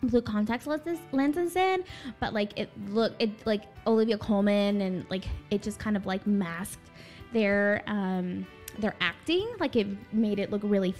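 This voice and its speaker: A woman's voice: medium pitch, measured pace, a little mellow, soft background music. A young woman co-hosting a podcast, chatting casually with lots of fillers. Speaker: podcast co-host. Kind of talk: casual chat.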